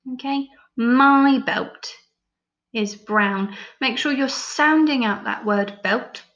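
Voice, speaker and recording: A woman with an English accent teaches young children to read, stretching out every letter sound and praising them warmly. Her voice sits a little high and she talks very slowly, and the recording is slightly dull and lo-fi. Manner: encouraging, praising often. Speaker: primary school teacher.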